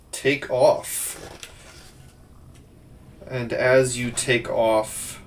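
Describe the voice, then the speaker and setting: A man narrating as game master of a tabletop game, halting and full of fillers. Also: medium pitch, pushed and bright, slight background noise. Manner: halting, many fillers and restarts.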